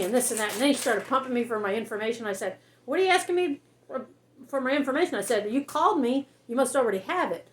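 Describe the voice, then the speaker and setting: Chatty, laughing woman vlogger, higher voice. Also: slight background noise. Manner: chatty, laughs often, acts out quoted phone replies. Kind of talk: casual advice talk to camera.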